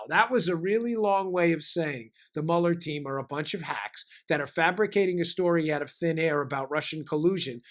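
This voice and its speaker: A man hosting a political talk show, giving rapid, sarcastic commentary and asking mock questions he answers himself. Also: high voice. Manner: rapid, sarcastic, jokey and animated.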